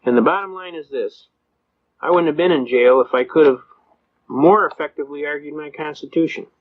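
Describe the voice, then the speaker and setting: Brisk and a little high-pitched, an older constitutional law speaker spins folksy stories for an audience, voicing the people he quotes. The lo-fi recording sounds slightly dull.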